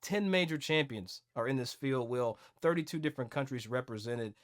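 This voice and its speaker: A man co-hosting a podcast in casual chat, animated and jokey with lots of slang. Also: mid-range voice, a little fast, no room sound, studio quality. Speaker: podcast co-host.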